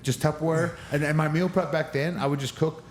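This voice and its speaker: A man's voice: on the high side, fairly even intonation, a little fast, a little hiss or hum. A man in his forties from Northern California, a wrestler telling stories as a podcast guest, rambling with many restarts, nursing an injured knee. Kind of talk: casual podcast interview.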